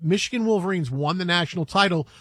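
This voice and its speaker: Excitable high-voiced male sports host. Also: fast talker, no echo. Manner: animated, excitable, stammering restarts. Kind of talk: casual sports radio chat.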